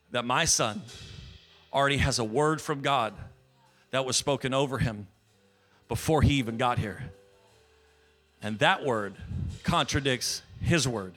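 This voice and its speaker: A young man preaching a sermon as a guest pastor, telling a personal story that builds to shouted praise. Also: medium pitch, a little slow, pauses often, soft background music.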